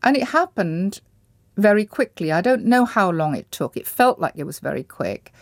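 A woman from Indonesia, an interview guest, thoughtfully recalling her past with pauses and restarts as she searches for words. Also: medium pitch, sing-song, no room sound, clean studio sound. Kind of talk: reflective personal recollection.

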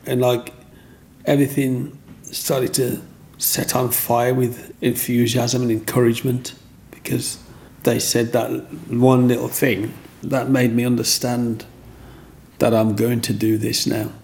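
A man, telling rambling, animated stories from his childhood in an interview and acting out other people's voices. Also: medium pitch, a little slow. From Black Country, England. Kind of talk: storytelling interview.

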